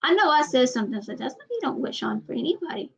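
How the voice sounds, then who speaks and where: A woman talks to the camera in a loose, halting way, with many restarts and trailing sentences. Her voice sits a little high. The recording sounds dull and lo-fi. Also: big pitch swings, vocal fry, a bit bright. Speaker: vlogger. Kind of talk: casual personal talk to camera.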